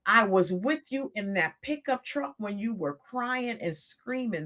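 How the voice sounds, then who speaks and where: A woman's voice: mid-range voice, animated, unhurried, a bit bright. A woman in her sixties, a coach talking on a live stream, emphatic and repeating phrases for stress.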